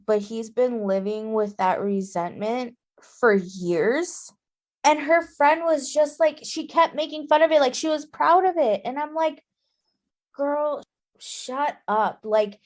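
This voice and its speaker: A woman co-hosting a casual book-club podcast, who talks in an emphatic, exclamatory way and is quick to get indignant. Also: fairly high pitch. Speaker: podcast co-host.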